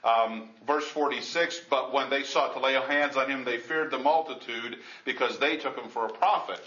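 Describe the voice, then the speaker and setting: A man's voice: mid-range voice, normal speed, sharp tone. A man preaching a Bible-teaching sermon in a conversational way, with frequent restarts, reading scripture aloud in old formal wording. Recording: echoey, dull lo-fi room recording.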